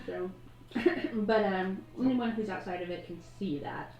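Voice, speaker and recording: A woman's voice: mid-range voice, measured pace, lo-fi sound, crowd noise. A woman narrating as game master of a tabletop game, eating and laughing as she talks. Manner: eating while talking, laughing often. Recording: echoey room, background noise.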